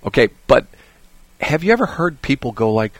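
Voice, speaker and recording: A male radio host chatting casually in a studio, telling stories animatedly and laughing often, his voice a bit hoarse. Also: medium pitch, big pitch swings, moderate pace, dry recording. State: slightly hoarse. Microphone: studio microphone.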